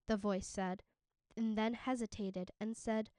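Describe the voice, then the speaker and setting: Slow, crisp woman reading a story aloud. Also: mid-range voice, little pitch movement, dry recording, clean studio sound. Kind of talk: audiobook read-aloud narration.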